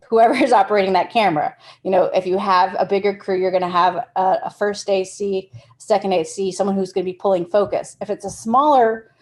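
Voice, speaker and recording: A woman giving a casual workshop talk on directing actors, explaining with everyday examples and often restarting her sentences. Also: medium pitch. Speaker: film directing instructor.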